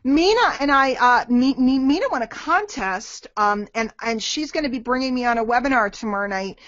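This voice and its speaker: Lively woman on a dull web call. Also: on the high side, normal speed, dry recording. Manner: lively, animated, acts out little dialogues. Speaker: marketing trainer answering questions. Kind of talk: live webinar Q and A.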